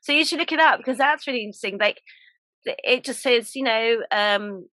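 An English woman hosting a podcast, talking in a relaxed, chatty way with lots of laughs and fillers. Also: fairly high pitch, fairly quick, dry recording. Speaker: podcast host. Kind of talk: casual chat.

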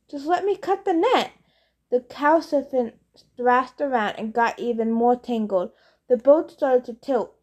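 A woman narrating a novel in first person, in a casual, expressive teenage tone. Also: on the high side. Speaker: audiobook narrator.

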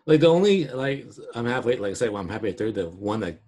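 A man co-hosting a podcast, talking in an excitable, chatty way with lots of fillers. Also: fairly low pitch, fast talker, slightly rough. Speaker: podcast co-host. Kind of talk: casual chat.

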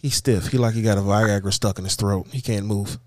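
A man's voice: on the low side, steady tone, a little fast, no echo, clean studio sound. Joking, slangy male podcast host. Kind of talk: comedic podcast banter.

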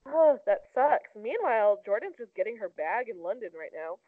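A woman's voice: mid-range voice, sing-song, moderate pace, no echo. A young woman co-hosting a casual celebrity gossip chat, talking loosely with lots of "like". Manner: chatty, heavy use of "like". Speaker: co-host. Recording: tinny phone-like sound.

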